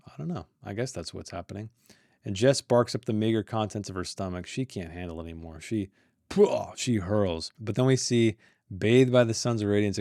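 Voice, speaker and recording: A man's voice: on the low side, a little mellow, no echo, studio quality. A man hosting a read-along, reading a book aloud and breaking off into rambling, joking asides, often stumbling over words. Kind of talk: casual read-along with commentary.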